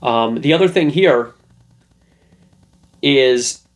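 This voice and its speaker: A man's voice: medium pitch, drawn-out words, faint music behind. A man hosting a relationship advice lesson, talking loosely and conversationally. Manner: loose, conversational, with fillers and restarts. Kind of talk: casual talking-head lesson.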